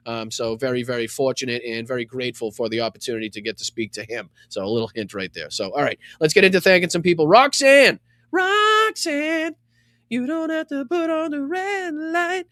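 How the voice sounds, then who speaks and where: A podcast host with a Boston accent, rambling warmly through a casual thank-you segment, full of fillers and profane asides. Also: male voice, medium pitch, smooth, dry recording, clean studio sound. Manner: rambling, filler-heavy, effusive gratitude.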